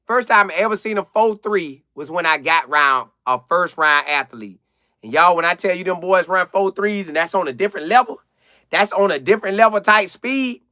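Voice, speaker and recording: A young adult man, hosting a casual live chat and answering viewers in an animated way, repeating phrases for emphasis. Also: high voice, moderate pace, dry recording, studio quality.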